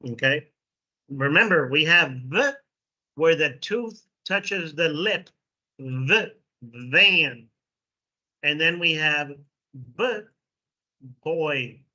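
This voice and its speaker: Slow, bright-voiced man teaching. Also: on the high side, lively intonation. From Mexico. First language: Spanish. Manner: slow, repeats sounds, checks in with "okay". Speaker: English pronunciation teacher. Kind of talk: classroom phonetics lesson. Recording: dull lo-fi recording.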